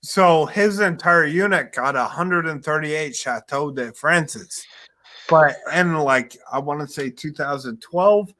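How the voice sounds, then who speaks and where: A man's voice: on the high side, slow pace, pushed and bright. A man in a casual podcast chat, recounting a war story with hesitant fillers. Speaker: guest author.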